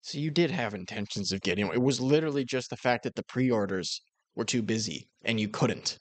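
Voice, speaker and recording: A man's voice: mid-range voice, a little fast, no echo. A man giving casual, mocking commentary on another creator's video. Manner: sarcastic, mocking. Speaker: commentary YouTuber.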